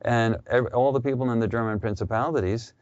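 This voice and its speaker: A man's voice: medium pitch, fairly quick, a little mellow, no echo, muffled recording. A man talking as a radio interview guest, telling history in a loose, conversational storytelling way. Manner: conversational, storytelling with quoted voices.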